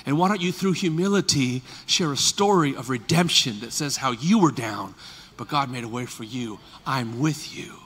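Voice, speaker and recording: A man in his fifties, a pastor preaching a sermon, moving from soft, confiding talk to shouted, fervent passages. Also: medium pitch, normal speed, breathy edge, in a large hall. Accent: Californian.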